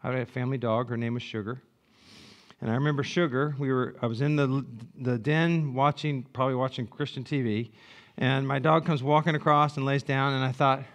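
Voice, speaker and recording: A man in his sixties, a pastor preaching a sermon with animated, joking storytelling that swings from loud asides to hushed reflection. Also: medium pitch, a little fast.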